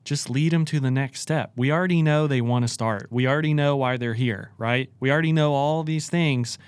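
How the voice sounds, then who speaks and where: A man co-hosts a podcast and coaches listeners on sales in a calm, even way. His voice sits at a middle pitch. The studio sound is dry. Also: a little fast, smooth, dry recording. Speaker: podcast co-host. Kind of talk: casual podcast chat about sales.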